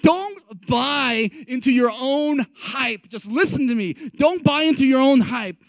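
A man preaching a sermon as pastor, animated and conversational, full of rhetorical questions. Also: extremely high pitch, a little slow, dry recording.

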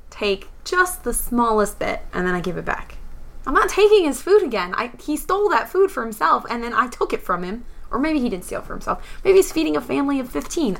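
A woman's voice: fairly high pitch, brisk, creaky. Chatty woman playing a tabletop game. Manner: chatty, animated. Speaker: player. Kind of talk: casual chat.

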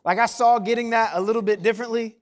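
A man's voice: very high-pitched, fairly even intonation, fast. A man preaching a sermon in a conversational, humorous way, often checking in with "right?". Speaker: pastor.

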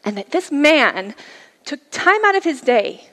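Earnest woman with a bright, higher voice. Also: big pitch swings, a little slow, in a large hall. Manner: earnest, conversational storytelling with sudden soft, hushed drops. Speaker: guest speaker sharing a testimony. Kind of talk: personal testimony talk. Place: church service.

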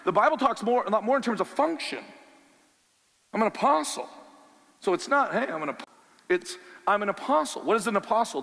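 A pastor preaching a sermon in an animated, conversational way, asking the listeners questions. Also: male voice, sits high, long reverb tail.

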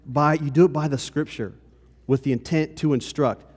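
A man's voice: a little high, fairly even intonation, moderate pace, a little mellow, breathy edge. A pastor giving a conversational sermon to his congregation, often checking in with "okay?". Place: church hall. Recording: long reverb of a hall.

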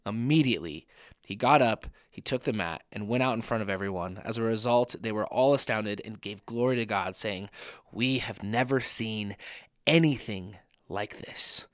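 A man's voice: lowish voice, a little fast, dry recording, clean studio sound. A man preaching an earnest podcast sermon to young adults, repeating rhetorical questions for emphasis. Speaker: young adult ministry speaker.

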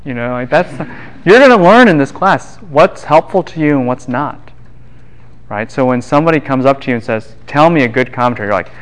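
A man giving a university classroom lecture in a relaxed, joking way, often acting out what other people would say. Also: medium pitch, moderate pace, rough recording. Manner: casual, quips and acts out voices of students and scholars.

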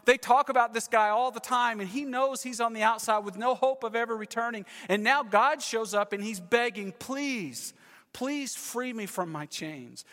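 A man pastor preaching a sermon with dramatic storytelling, swinging between loud passages and hushed ones. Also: sits high, in a large hall.

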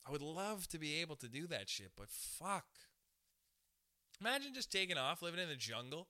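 A male comedian riffs loosely on his podcast, profane and animated. His voice is very bright and sharp-edged, with a zippy, brash tone that comes at you quickly. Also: a little high. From Canada. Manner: profane, fast, animated, riffing. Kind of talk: casual rambling monologue.

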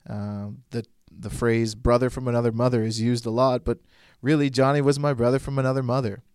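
A man affectionately recalling a former coworker and roommate, in steady storytelling. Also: medium pitch, fairly quick, clean tone, no room sound, clean studio sound. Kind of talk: heartfelt remembrance.

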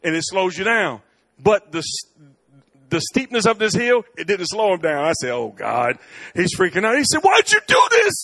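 A middle-aged man preaching a sermon in church, telling stories with lively swings between bold, loud lines and quiet asides. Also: high-pitched, normal speed, gravelly. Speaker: guest preacher. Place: church sanctuary.

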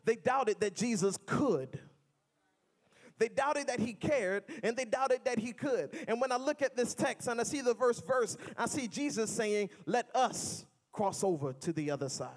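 A man's voice: extremely high pitch, a little slow. A man preaching a sermon in a rhythmic, repetitive style, mixing humor with building refrains.

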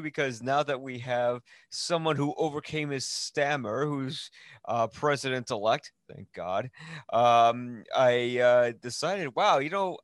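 A man's voice: medium pitch, a bit bright, no echo. A male podcast host chats casually, rambling and enthusiastic, often restarting his sentences. His voice is close and dry, with no room sound.

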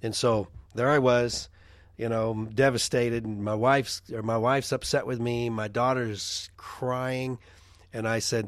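A middle-aged man preaching informally and telling personal stories, halting often with restarts and fillers. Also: medium pitch, flat delivery, no echo, studio quality.

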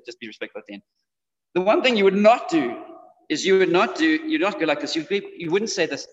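A man preaches in a relaxed, conversational way, talking straight to the people in front of him. His voice sits a little high for a man. The sound is dull and lo-fi, with a long reverb trailing through a church hall. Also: quick pace. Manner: conversational preaching, speaks directly to the congregation. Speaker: pastor. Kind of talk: sermon.

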